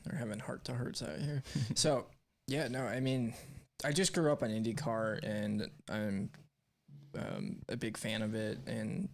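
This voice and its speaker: A man's voice: mid-range voice, fairly even intonation, unhurried, gravelly. A man co-hosting a live stream show, chatting casually and reading out messages from the chat in a rambling, candid way.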